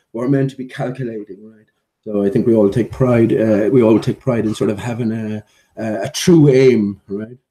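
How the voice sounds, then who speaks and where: A man's voice: medium pitch, dark tone. A man chatting casually in a vlog, rambling with many fillers and restarts and playfully scolding his dog between thoughts. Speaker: vlogger.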